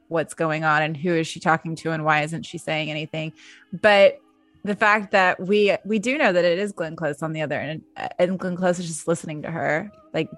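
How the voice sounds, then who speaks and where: A woman's voice: fairly low pitch, a bit bright, no room sound. A woman co-hosting a casual film podcast, thoughtfully explaining her view. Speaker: podcast co-host.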